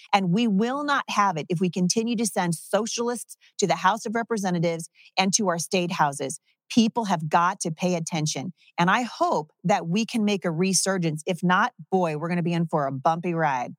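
A woman's voice: fairly low pitch, dry recording, clean studio sound. A woman running for Congress, talking in an emphatic, indignant way on a talk show. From Southwest Washington state. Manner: emphatic, indignant, rapid-fire. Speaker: political candidate guest. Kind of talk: campaign talk-show interview.

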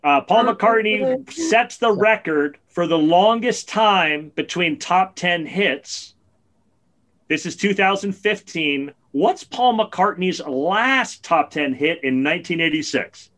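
A man in casual podcast chat, telling a story in an animated, excited way. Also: high-pitched, takes it slowly.

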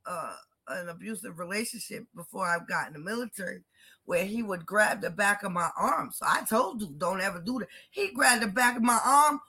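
A woman's voice: medium pitch, expressive, moderate pace, sharp tone, husky. A woman in her thirties chatting casually as host, blunt and profane, telling stories with laughter. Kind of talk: casual chat.

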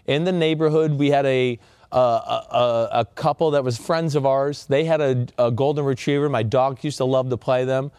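A man's voice: medium pitch, normal speed, smooth, dry recording, clean studio sound. A man in his thirties co-hosting a casual sports podcast, telling stories in a loose, easygoing way. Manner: relaxed storyteller, plugs his social media. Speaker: podcast co-host.

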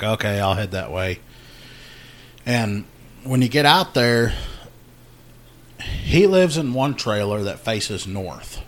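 A man co-hosting a podcast, telling a story in a casual, animated way and acting out the voices of the people in it. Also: lowish voice, slow, pauses often, slight background noise.

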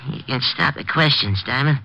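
A man's voice: mid-range voice, moderate pace, creaky, muffled recording, natural voice. An actor playing a sneering little male hoodlum in a 1940s radio drama, with a taunting, defiant manner. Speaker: crook. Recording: old radio broadcast.

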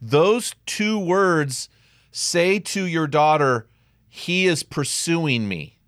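Man host with a fairly high, dry voice. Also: lively intonation, drawn-out words, a bit bright, no room sound. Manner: conversational, with frequent restarts and self-corrections. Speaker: podcast host. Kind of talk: podcast interview.

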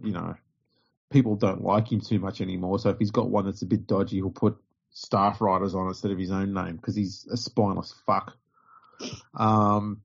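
A blunt man ranting on a sports podcast, heavy with curses. His voice is dark and husky, sits fairly low, and the audio is dull and lo-fi. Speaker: podcast co-host. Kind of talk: casual podcast chat.

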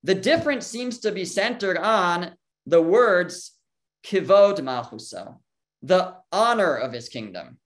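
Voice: medium pitch, big pitch swings, unhurried. A teacher giving an explanatory Torah lesson, thinking aloud, posing questions and answering them, and translating the Hebrew terms woven into the talk.

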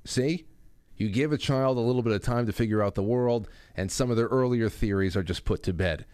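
A man's voice: medium pitch, a little fast, darkish tone, clear, resonant tone, dry recording, clean studio sound. A middle-aged man hosting a casual call-in talk show, chatty and reading listener stories aloud. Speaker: radio talk show host.

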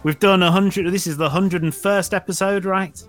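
A man hosting a casual podcast chat, relaxed, leading the segments and asking the others questions. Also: sits high, normal speed, soft background music. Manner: relaxed, steers the show. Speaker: podcast host.

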